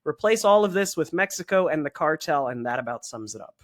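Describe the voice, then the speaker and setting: Easygoing man co-hosting a podcast, slightly high voice. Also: very animated, fairly quick, a bit bright. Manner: easygoing, conversational, says "dude" and "like". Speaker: podcast co-host. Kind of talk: casual chat.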